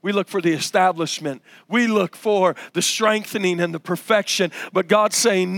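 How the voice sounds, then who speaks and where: A pastor in his thirties preaching a sermon, his voice pitched high for a man. He swings from low, drawn-out phrases to shouted peaks. The sound is close and dry. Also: no echo. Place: church ballroom.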